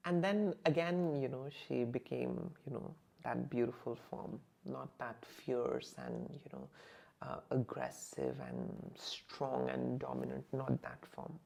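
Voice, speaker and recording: A woman's voice: rumbling low, animated, takes it slowly, gravelly, dark tone. A woman hosting her channel, recounting a personal experience in emotional first-person storytelling, hesitant with many fillers and sometimes dropping to a near-whisper. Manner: hesitant, many "you know" fillers, drops to near-whisper at intense moments.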